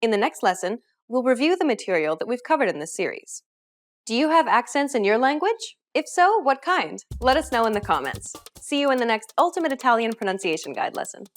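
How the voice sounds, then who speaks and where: A woman narrating a scripted pronunciation lesson in a clear, instructive manner. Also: fairly high pitch, big pitch swings, brisk. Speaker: language teacher.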